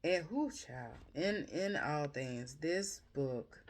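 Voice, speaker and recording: Very deep-voiced woman, chatty book reviewer. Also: slow, few pauses. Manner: rambling, chatty, with frequent fillers and self-corrections; animated, gushing and expressive. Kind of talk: casual book review chat.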